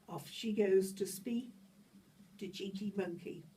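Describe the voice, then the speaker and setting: Puppet-show narrator, woman, slow and expressive, recorded from a distance with soft hiss. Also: mid-range voice. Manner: slow, expressive, exclamatory storytelling. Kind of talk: children's puppet show storytelling. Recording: distant mic, faint room hiss.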